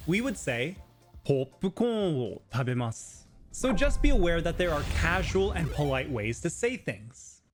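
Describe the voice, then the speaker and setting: A man narrating an explainer video as a language teacher, clear and patient, saying example words slowly. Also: high-pitched.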